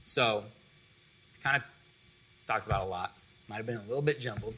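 A man's voice: on the low side, normal speed, sharp tone, a little hiss or hum, low-quality recording. A young man giving a casual, conversational sermon to a student fellowship, full of "like" and loose asides. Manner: conversational, filler-heavy with frequent "like".

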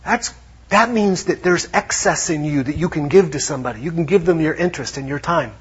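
A man preaching a lively sermon, acting out little quotes as he goes. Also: on the high side, fairly quick, breathy edge. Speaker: pastor. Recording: dull lo-fi sound.

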